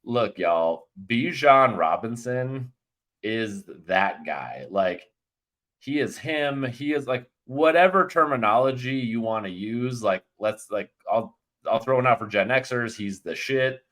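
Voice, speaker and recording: A man's voice: medium pitch, lively intonation, takes it slowly, a bit bright. A man hosting a casual fantasy sports chat, rambling and joking with lots of fillers.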